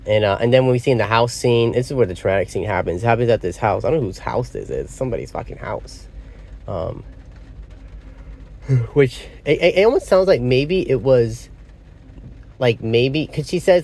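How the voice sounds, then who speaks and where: A man's voice: medium pitch, animated, moderate pace, vocal fry, a little mellow. Guy rambling thru a movie review on his phone, keeps losing his train of thought. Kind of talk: casual spoken film review. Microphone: phone or small device.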